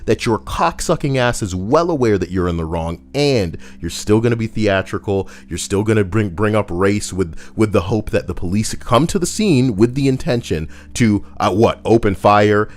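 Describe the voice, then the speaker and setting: A man co-hosting a podcast, ranting in a profane, heated, animated way. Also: lowish voice, normal speed, few pauses. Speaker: podcast co-host. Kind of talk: casual ranting commentary.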